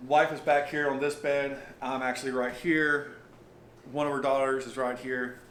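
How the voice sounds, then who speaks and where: A man, recounting his experiences as owner of an old lodge in a halting, rambling way with lots of fillers. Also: medium pitch, level tone, a bit bright. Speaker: property owner and paranormal investigator. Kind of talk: casual storytelling interview. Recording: roomy with faint noise.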